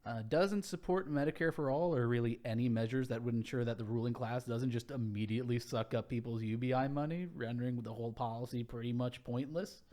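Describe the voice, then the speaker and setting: A young man hosts a casual podcast, working through a rundown of candidates. He reads it out in a sarcastic tone and drops profane asides as he goes. His voice sits at an ordinary, middle pitch. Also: fairly quick, hardly any pauses, warm tone. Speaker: podcast host. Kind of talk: casual chat.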